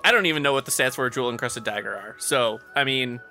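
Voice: mid-range voice, quick pace, sharp tone, faint music behind. A speaker in casual chat about designing a tabletop game class, playful and laughing often. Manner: playful, laughing, riffs into silly voices.

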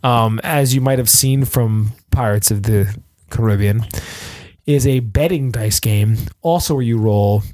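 A man's voice: lowish voice, measured pace, a little mellow, no echo. A man co-hosting a podcast, explaining game rules in casual chat, rambling with lots of fillers and restarts. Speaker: podcast co-host.

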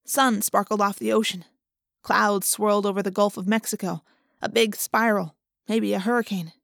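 A woman narrates a first-person audiobook in a steady, measured way. Her pitch is mid for a woman. The recording is close and dry, with no room sound. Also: gravelly, no room sound.

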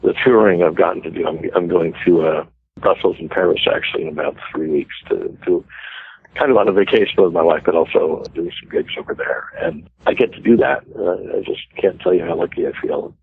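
Low husky man on a tinny line. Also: a little fast, no echo. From United States. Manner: chatty, self-deprecating, laughs easily. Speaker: guest musician. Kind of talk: casual storytelling interview. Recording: tinny phone-line radio sound.

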